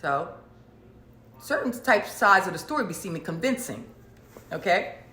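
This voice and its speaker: A woman preacher telling a personal story in an emphatic, animated way, repeating phrases for effect. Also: fairly low pitch, normal speed, reverberant. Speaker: prophetess and preacher. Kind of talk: casual storytelling monologue.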